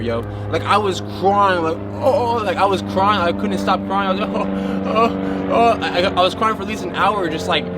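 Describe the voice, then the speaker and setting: A man's voice: sits high, a bit bright, slight background noise. A man talking casually and spiritually to his viewers in a rambling way, full of filler words. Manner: addresses viewers as a group. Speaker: spiritual vlogger.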